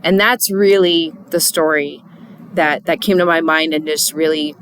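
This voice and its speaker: A woman's voice: low voice, steady tone, a little slow, a bit bright, slight background noise. A middle-aged woman speaking to church volunteers in an earnest, chatty devotional talk, with many fillers and restarts.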